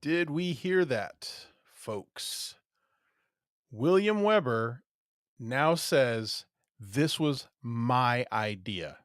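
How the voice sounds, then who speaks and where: A man's voice: medium pitch, lively intonation, very slow, dry recording, clean studio sound. A man hosting a podcast in casual chat, joking, rambling with fillers and laughing often. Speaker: podcast host.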